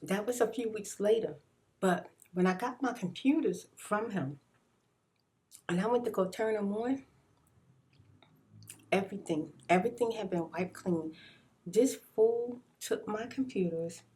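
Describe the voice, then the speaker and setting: Chewing between lines, a woman who is an ASMR YouTuber and mother delivers a casual, emphatic storytime about something that exasperated her. Her medium-pitched voice is a little mellow, measured in pace, with long pauses.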